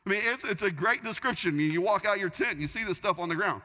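A man preaching a sermon, telling a story in an animated way, often restarting his sentences. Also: high voice, quick pace. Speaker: pastor. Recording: long reverb of a large hall.

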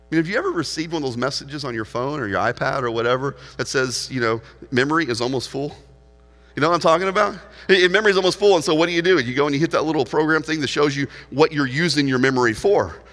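A man in his forties, a pastor preaching a sermon with animated storytelling that swings between loud and hushed. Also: mid-range voice, fast. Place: church auditorium. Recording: long hall reverb.

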